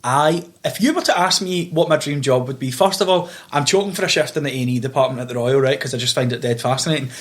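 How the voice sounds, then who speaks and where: A Glaswegian man in his twenties hosting a podcast, talking fast and swearing casually. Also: mid-range voice. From Glasgow. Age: 20s. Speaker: podcast host.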